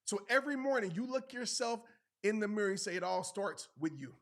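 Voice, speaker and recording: A man's voice: high-pitched, expressive, brisk, a bit bright. A man giving a motivational speech, earnest and emphatic, repeating phrases for effect and urging the listener directly. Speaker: motivational speaker.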